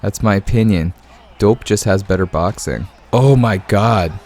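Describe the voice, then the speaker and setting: With a fairly low pitch, measured pace and darkish tone, a man hosts his gaming channel from home late at night. He keeps his voice down so the household sleeps on, chuckling through relaxed commentary and storytelling and peppering his speech with "man."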